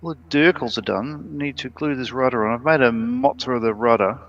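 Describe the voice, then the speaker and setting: A man's voice: mid-range voice, a little fast, background noise. Rambling Australian man, lo-fi stream audio. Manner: relaxed, rambling with many fillers. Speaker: co-host. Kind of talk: casual livestream chat while modelling.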